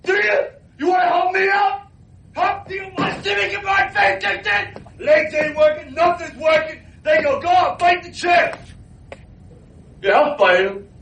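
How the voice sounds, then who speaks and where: An actor playing a bitter, struggling boxer, shouting a tirade in a film scene. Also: male voice, very high-pitched, normal speed, creaky, distant mic, exaggerated voice. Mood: furious ranting. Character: bitter, struggling male boxer in his thirties. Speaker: film character. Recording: roomy film clip from afar with faint hiss.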